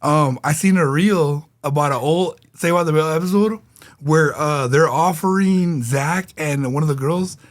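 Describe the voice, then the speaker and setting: A man's voice: fairly high pitch, a little slow. A man co-hosting a podcast in casual, slangy chat, often acting out quotes. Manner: laid-back, slangy, often acts out quotes. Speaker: podcast co-host.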